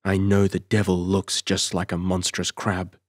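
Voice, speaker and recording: A man's voice: sits low, completely flat delivery, unhurried, no room sound, studio quality. A man voicing an uneasy young woman haunted by dread, speaking anxiously and hesitantly in an audiobook.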